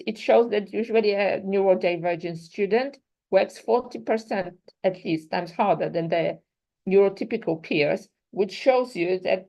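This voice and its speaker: A young adult woman with a medium-pitched, darkish voice lectures teachers as a teacher trainer, heard through a low-quality recording. She moves through her slides explaining step by step with one example after another, often checking in with listeners by asking "right?"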